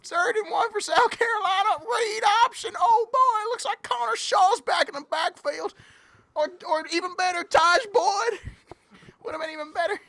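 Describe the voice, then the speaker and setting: A woman playing an excitable, rambling cattle-rancher sports superfan, doing comedic commentary. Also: extremely high pitch, normal speed, gravelly, exaggerated voice. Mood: excited rambling. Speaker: guest commentator.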